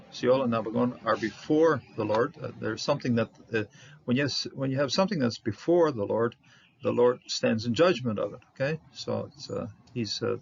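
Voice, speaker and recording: A man teaching a Bible word study, halting with many fillers as he sounds out Hebrew words. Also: medium pitch, vocal fry, lo-fi sound, slight background noise.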